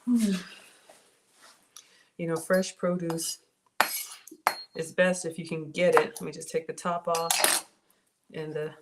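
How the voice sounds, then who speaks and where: A woman with a deep voice and level tone takes her time, leaving long pauses, as she chats casually on a cooking livestream. She greets her viewers by name from her kitchen, and the phone and tablet audio is noisy.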